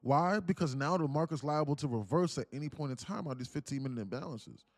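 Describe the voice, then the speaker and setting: A man live-streaming futures trades, talking fast and loose with lots of fillers as he explains charts. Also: a little high, no echo. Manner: rambling, heavy use of "like", animated. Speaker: day trading streamer. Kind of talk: live trading stream talk.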